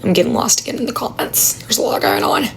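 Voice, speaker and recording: A young woman chats on a phone livestream from her apartment, keeping her voice low. Her voice is gravelly and raspy, her pitch sits in an ordinary middle range, and her talk is blunt and chatty. Faint noise sits under the recording. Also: huge pitch swings, fast talker, low-quality recording. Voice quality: raspy, gravelly from talking quietly. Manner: talking quietly, half-hushed, chatty and blunt. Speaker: livestreamer answering chat. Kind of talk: casual live stream chat. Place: home apartment at night.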